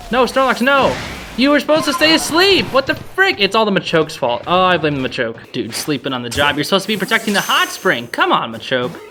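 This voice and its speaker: A young adult host giving chatty, excitable blind let's-play commentary and talking to the creatures on screen. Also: medium pitch. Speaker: gaming channel host.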